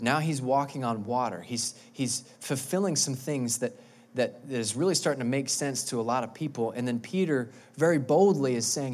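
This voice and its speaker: A male pastor who preaches an animated, emphatic sermon and often repeats words. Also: medium pitch.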